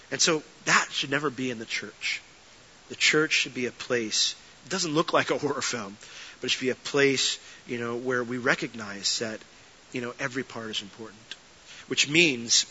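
A man pastor delivering a sermon, telling stories with lively energy and dropping to soft earnest tones. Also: medium pitch, breathy edge, lo-fi sound. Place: church sanctuary.

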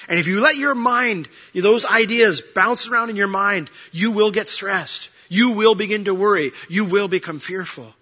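A pastor preaching a sermon with expressive delivery, acting out quoted voices. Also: male voice, high voice, normal speed, few pauses, muffled recording.

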